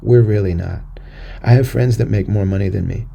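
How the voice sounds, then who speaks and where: An American man talks through a personal story on his podcast, earnest and conversational, circling back over his words. His voice is low, dark and mellow, with a heavy gravelly fry. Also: brisk, muffled recording. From United States. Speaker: podcast host. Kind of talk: personal monologue.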